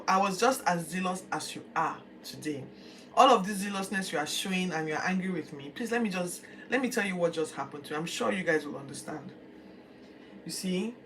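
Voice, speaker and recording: A woman's voice: on the low side, fairly bright tone. A woman voicing the apostle Paul as an earnest, pleading grown man, telling his story in the first person, recorded from a distance. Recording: distant mic, faint background noise.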